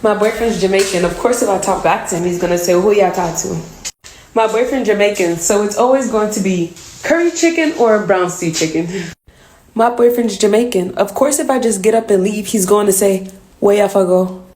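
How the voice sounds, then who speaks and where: A woman's voice: medium pitch, a little fast, a little mellow. A woman delivers a repeated comic list in a teasing voice. The room sounds echoey with faint noise behind. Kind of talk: list-style comedy skit.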